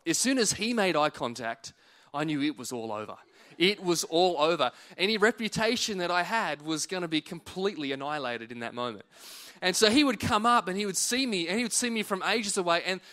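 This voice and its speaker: Bright high-voiced male preacher. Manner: animated storytelling that builds to earnest exhortation. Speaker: pastor. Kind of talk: sermon. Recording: church service recording.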